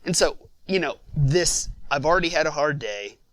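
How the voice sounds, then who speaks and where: A man, a father of six, telling a family story in a relaxed podcast interview, with lots of fillers. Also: a little high, moderate pace, poor audio. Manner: conversational, many fillers, reflective storytelling.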